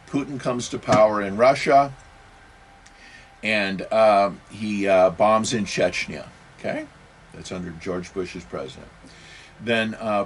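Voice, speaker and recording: Slight background noise sits under a man's lowish voice as he hosts his own video. He rambles through an improvised monologue on political and religious topics, full of rhetorical questions, fillers and self-corrections.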